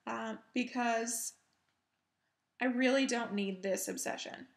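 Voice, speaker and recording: A woman hosting a cross-stitch video, chatting casually while she shows off her crafts, chatty and self-deprecating, with soft laughs. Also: fairly high pitch, slow pace, pauses often. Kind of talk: casual show-and-tell chat.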